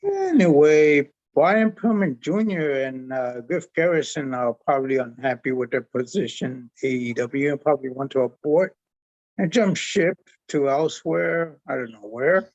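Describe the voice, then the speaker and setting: A man's voice: fairly high pitch, animated, moderate pace, darkish tone, no room sound. Wry man on a dull line. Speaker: podcast panelist. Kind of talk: casual panel chat. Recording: dull, dry lo-fi sound.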